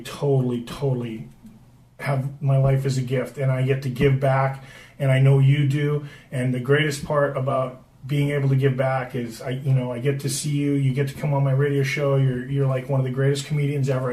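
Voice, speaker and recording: A man's voice: medium pitch, darkish tone, far from the mic. A middle-aged man from the Boston area, a retired hockey player, telling stories in a rambling, profane way with many restarts and fillers. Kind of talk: casual storytelling chat. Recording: echoey room, a bit off-mic, faint background noise.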